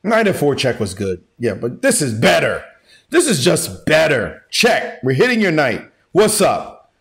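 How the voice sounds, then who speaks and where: Man, chess teacher, animated, slangy, exclamatory, swooping pitch. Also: a little slow, vocal fry.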